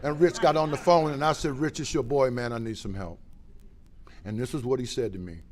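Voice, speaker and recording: A middle-aged man speaks in a voice of ordinary pitch, telling his own story in a folksy, plain way. He swings from loud, punchy lines to low, quiet ones as he talks to a meeting. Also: brisk, a little hiss or hum. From Ohio. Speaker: recovery speaker. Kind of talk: personal testimony talk.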